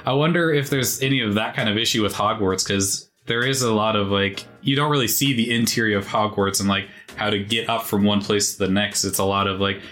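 A man with a somewhat low voice talks through his points earnestly on a gaming podcast, meandering with fillers. Faint music sits underneath. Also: a little fast, hardly any pauses, a bit bright. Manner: earnest, thoughtful, rambling with fillers. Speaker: podcast co-host. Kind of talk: casual chat.

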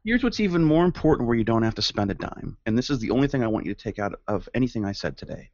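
A man co-hosting a podcast in casual chat, animated and profane, often acting out quoted people in silly voices. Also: mid-range voice, fast talker, no room sound, dull audio. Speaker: podcast co-host.

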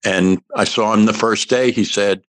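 Low-voiced older man telling a story. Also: moderate pace, no room sound. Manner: animated storyteller acting out quoted dialogue. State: emotional. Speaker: guest actor. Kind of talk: storytelling in a podcast interview.

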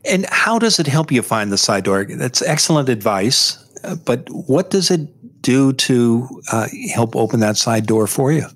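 A man's voice: medium pitch, lively intonation, a little slow, no room sound. A man hosting an interview and asking direct questions that prompt his guest. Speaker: interview host.

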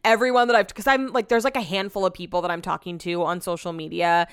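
A young woman hosting a podcast, telling a long personal story in casual, animated chat full of "like" fillers. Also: on the low side, fast talker, smooth, no echo, clean studio sound. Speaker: podcast host.

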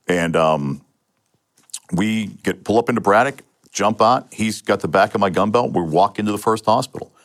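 A man's voice: on the low side, moderate pace. A middle-aged man from Pennsylvania, a retired police sergeant and interview guest, telling his own story in a matter-of-fact way with frequent restarts and fillers.

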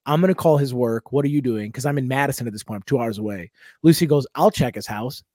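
A young man hosts a comedy podcast and spins a long, animated story with plenty of swearing. His voice sits in the middle of the male range. The sound is close and dry, with almost no room around it. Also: mid-range voice, fast talker, no echo. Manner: loose, profane, animated storytelling.

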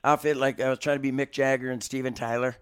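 A man's voice: mid-range voice, little pitch movement, fast talker, smooth. A man in his sixties, a guest musician in a studio, telling stories in a rambling, self-mocking way with many restarts. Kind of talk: casual interview storytelling.

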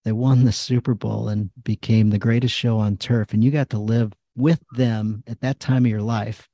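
Brief: male guest, gravelly, mellow and dark, dry close sound, storyteller. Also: on the low side, fairly even intonation, normal speed, no echo. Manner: storytelling, acts out his own prayers and dialogue. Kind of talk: casual podcast conversation.

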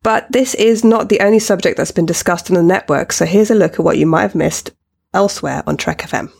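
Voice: medium pitch, fairly quick, creaky, a little mellow, husky. A podcast host chatting casually and enthusiastically, often repeating words while restarting a sentence.

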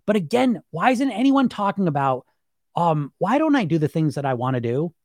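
A fairly high-voiced middle-aged man talks as a weight-loss coach in a loose, emphatic monologue. He stacks fillers, throws questions at the listener and swears casually. The sound is close and dry, with no room in it. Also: sing-song, normal speed, no room sound. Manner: chatty, emphatic, repeats fillers, swears casually, laughs often.

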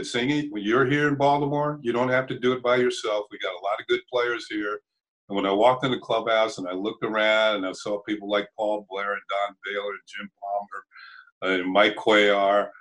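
An older man with a fairly low voice, telling stories at an easy pace. He chuckles often, restarts his sentences and acts out the quotes in his tales. The delivery is relaxed and conversational, as a guest on an interview show. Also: rough recording. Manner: chuckling, halting anecdotes with restarts and acted-out quotes. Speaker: interview guest, former ballplayer.

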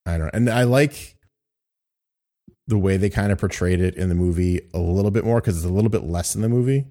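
A man's voice: lowish voice, fairly quick, dark tone. A man casually reviewing a comic book, rambling and laughing often. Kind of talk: casual chat.

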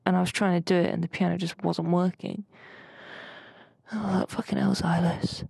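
A young woman rambles through a story in casual podcast chat. Her voice is heavily gravelly and husky. The sound is close and dry. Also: on the low side, flat delivery, fairly quick, a little mellow, no echo. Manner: rambling, chatty storytelling with mild swearing. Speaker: podcast co-host. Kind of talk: casual chat, recounting a dream.

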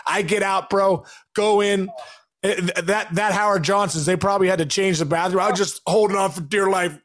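A man co-hosting a podcast, telling a long story in casual chat, animated and laughing, calling his friend bro. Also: high voice, brisk. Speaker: podcast co-host.

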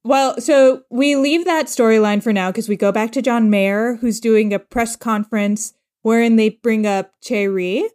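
Chatty woman recapping, slightly high voice. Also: a little slow, hardly any pauses, a little mellow. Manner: chatty, recaps plot in a loose rambling way. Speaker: podcast co-host recapping a drama. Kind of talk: casual chat.

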